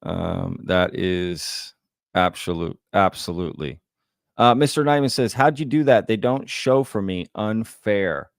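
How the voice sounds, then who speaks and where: A man's voice: deep voice, expressive, unhurried, vocal fry, no room sound, studio quality. A man hosting a live Q&A, reading chat comments aloud and laughing often. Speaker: livestream host.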